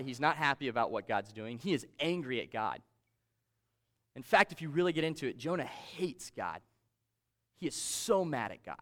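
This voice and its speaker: A man's voice: mid-range voice, a bit bright. A man preaching a conversational sermon, reading scripture aloud and explaining it with shifting emphasis. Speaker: pastor.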